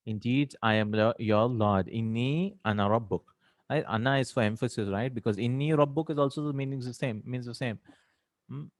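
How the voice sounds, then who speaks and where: A man's voice: mid-range voice, no room sound, clean studio sound. A man teaching an Arabic grammar lesson, explaining terms step by step and often checking with "right?".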